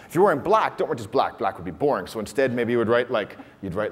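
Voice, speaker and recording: Teasing comedy magician in a big hall. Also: male voice, medium pitch, expressive, fast, hardly any pauses. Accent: Canadian. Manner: teasing, playful crowd work. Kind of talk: stage comedy magic act. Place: large hotel conference hall. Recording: live hall with long reverb, faint room noise.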